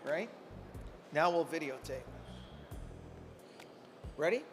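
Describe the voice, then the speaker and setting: A man's voice: a little high, expressive, slow, echoey room, faint music behind. A man from Canada, casually chatting and interviewing on camera at a trade fair booth, upbeat and jokey. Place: busy indoor trade fair hall.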